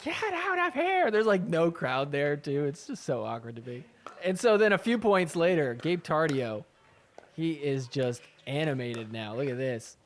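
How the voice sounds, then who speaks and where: A man's voice: fairly high pitch, animated, a little slow, slight background noise. A man hosting a podcast, casually recapping sports clips with a sarcastic, chatty manner. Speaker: podcast host.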